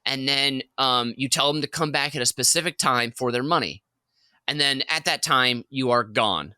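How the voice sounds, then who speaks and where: A man co-hosting a comedy podcast, telling a long workplace story in an animated, rambling way and laughing as he goes. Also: medium pitch, normal speed, no room sound. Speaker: podcast co-host.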